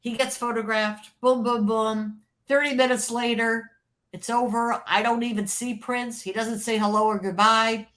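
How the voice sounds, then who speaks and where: An older woman recounts her work as a record label art director in relaxed, chatty storytelling. Her voice sits a little high, and she acts out the people she quotes. She laughs easily as the anecdotes build. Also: moderate pace. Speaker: interview guest, former record label creative director. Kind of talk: casual storytelling.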